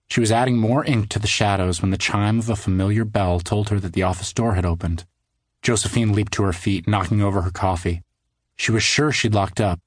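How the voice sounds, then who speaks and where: Low-voiced man narrating a kids' book. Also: no room sound, studio quality. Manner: measured storytelling that slows for suspense. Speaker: audiobook narrator. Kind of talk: scripted narration of a children's book.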